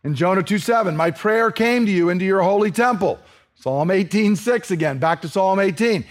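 Male pastor, fairly high voice, emphatic expository preaching. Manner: earnest, emphatic, slows down for scripture readings. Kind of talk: expository sermon.

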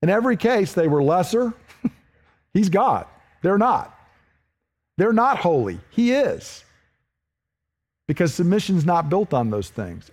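A man preaching a sermon, earnest and questioning, moving between emphatic points and hushed, slowed lines. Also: high-pitched, big pitch swings. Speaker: pastor.

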